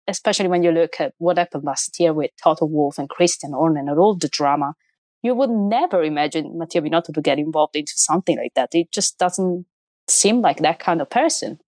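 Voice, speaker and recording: A woman's voice: fairly low pitch, a little mellow, dry recording. A woman talking casually on a podcast, chatty with frequent laughs and restarts. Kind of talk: casual chat.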